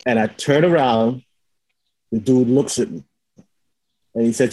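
A man's voice: mid-range voice, a little slow, no room sound, rough recording. Man telling a wild story, dry sound. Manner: animated storytelling, acts out quotes with swearing. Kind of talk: casual chat.

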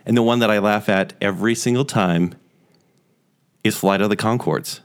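A young man co-hosting a casual chat among friends, enthusiastic and quick to laugh. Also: on the low side, clean tone. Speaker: podcast co-host.

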